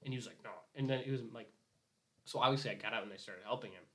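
A man's voice: medium pitch, very fast, sharp tone. A young man in casual conversation, telling a work story in a rambling way. He swears freely and acts out what everyone said. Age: young adult. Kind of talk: casual chat.

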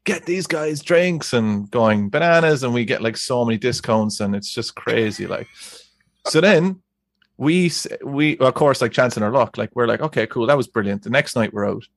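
A man's voice: mid-range voice, moderate pace, no echo, studio quality. A young Irish man rambling through a story in casual chat, laughing as he goes. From Ireland. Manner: rambling, animated, laughs through his stories. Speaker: guest.

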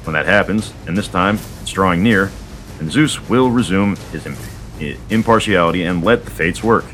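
A man reading the part of Athena, a patient, wise goddess, in a soothing, measured way. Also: deep voice, fairly bright tone, faint music behind.

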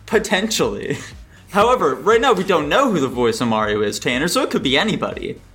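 Animated guy hosting a group chat. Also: fairly high pitch, brisk, soft background music. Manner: animated, swears freely, poses questions to the group. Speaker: podcast host. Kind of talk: casual chat. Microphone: online voice call.

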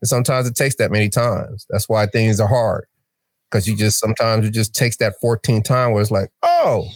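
A man's voice: lowish voice, brisk, dry recording. A middle-aged man talks as a guest on a casual podcast. He tells stories with energy, slips into acted voices and often repeats a word as he starts. The sound is dry and close. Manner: animated storyteller, acts out voices, repeats words.

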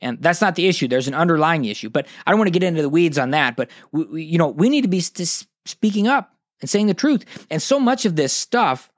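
A man's voice: fairly high pitch, lively intonation, brisk, few pauses, dry recording, clean studio sound. A man, hosting a podcast monologue in a passionate, preachy way, often restarting his sentences. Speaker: podcast host.

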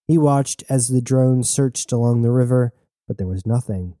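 A man narrates an action story in steady, even tones. His voice is very dark and mellow, with a middle pitch. The recording is dry and close. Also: normal speed, dry recording. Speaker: audiobook narrator. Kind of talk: scripted narration.

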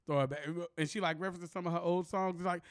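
A man's voice: high-pitched, fairly even intonation, fast, dry recording, clean studio sound. A man hosting a casual podcast, talking in loose slang and laughing often. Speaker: podcast host. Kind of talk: casual chat.

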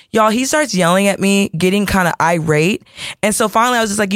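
A woman's voice: medium pitch, fast, no echo, studio quality. A woman co-hosting a podcast, telling a long story in casual chat, calling listeners y'all and acting out what people said. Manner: animated, addresses listeners as y'all, acts out quotes. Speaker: podcast co-host.

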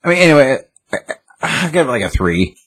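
A man co-hosting a casual chat, animated, acting out his own reactions as he talks. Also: medium pitch, fast, breathy edge. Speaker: podcast co-host reviewing a comic.

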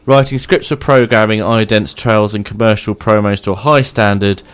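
In casual radio banter, a co-host with a clear, resonant, fairly low voice reads out a job advert while joking, stumbling through plenty of ums. His intonation stays fairly even, at a normal speed.

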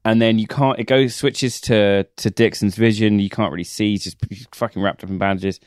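A man's voice: lowish voice, steady tone, brisk, a little mellow, no room sound, clean studio sound. A man in a casual film discussion, retelling scenes in detail and reflecting on them as a podcast co-host.

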